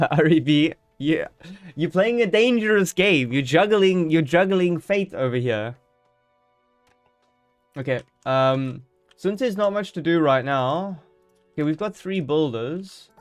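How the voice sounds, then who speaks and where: A man streaming a game live, chatting casually and joking as he thinks aloud. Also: a little high.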